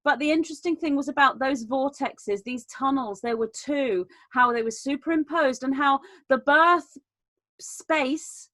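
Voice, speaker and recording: A woman telling a personal story in a panel talk, earnest and animated, with frequent restarts. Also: high voice, no room sound. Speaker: round table guest.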